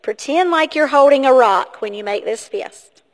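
A woman's voice: high voice, expressive, moderate pace. A woman giving a children's sermon in a church, asking the kids lots of questions in an encouraging way. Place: church sanctuary. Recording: long hall reverb.

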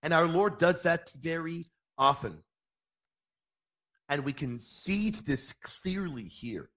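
Catholic radio guy preaching hard, high-ish voice jumping all over, repeats stuff for punch. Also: slow. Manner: emphatic, animated, repeats key phrases with bursts of enthusiasm; acts out objectors in mock voices. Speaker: Catholic radio show host answering listener questions. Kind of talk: energetic apologetics teaching.

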